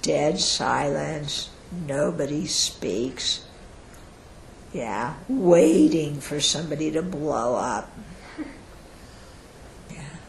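A woman's voice: deep voice, very slow, gravelly, long pauses, echoey room, a little hiss or hum, poor audio. A woman giving a Buddhist teaching to an audience in a conversational way, often checking in with listeners and acting out quoted speech. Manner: acts out quoted speech with lively shifts in voice. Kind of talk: dharma talk to an audience.

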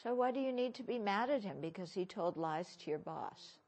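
A woman teaching as a Buddhist teacher in a dharma talk, questioning her listeners with gentle humor. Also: medium pitch, animated, moderate pace.

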